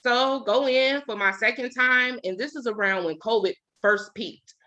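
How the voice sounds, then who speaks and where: A middle-aged woman, a podcast guest, telling her personal story in a lively, earnest, conversational way. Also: fairly high pitch, moderate pace. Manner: lively, acts out quoted dialogue; earnest, testimonial. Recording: dull lo-fi podcast audio.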